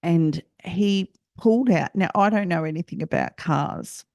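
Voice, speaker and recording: Australian woman, podcast host, personal story, halting reflective delivery, gravelly voice, dry close sound. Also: lowish voice, darkish tone, no room sound, highs cut off. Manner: reflective, halting, repeats phrases.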